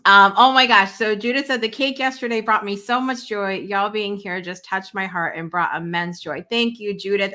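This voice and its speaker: A woman hosts a live morning talk show with a bright, forceful voice. She chats in a loose, emotional way, full of fillers and restarts. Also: mid-range voice, steady tone, moderate pace.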